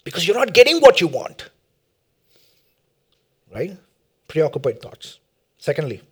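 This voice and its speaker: A husky, middle-aged man from India delivers a sermon. His voice sits a little high and carries a breathy roughness. He leans into loud, emphatic lines, then falls to near-whispers, circling back to the same questions for his listeners. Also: wildly swooping pitch, measured pace, pauses often. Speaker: pastor.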